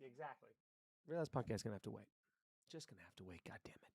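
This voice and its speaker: A man's voice: mid-range voice, expressive, fast talker, vocal fry, darkish tone, slightly rough, no room sound, clean studio sound. A man live-streaming, chatting loosely in a stream-of-consciousness ramble, swearing freely and talking to his viewers. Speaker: streamer and actor. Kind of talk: casual live-stream chat. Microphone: desk mic with headphones.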